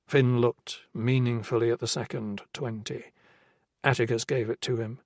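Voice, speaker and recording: A man narrating a crime novel audiobook in a measured, even storytelling voice. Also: medium pitch, dry recording, clean studio sound. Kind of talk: scripted narration.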